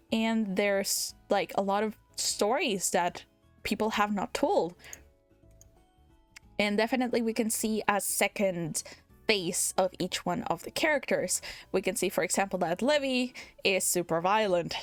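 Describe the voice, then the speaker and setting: A woman streamer talks through a game's story in an animated, chatty way, laughing often and swearing freely. Her voice sits at a middle pitch, recorded dry and close on a home desk mic. Faint background music plays under her. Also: no echo. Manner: animated, giggly, swears casually. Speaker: VTuber streamer. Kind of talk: casual game recap.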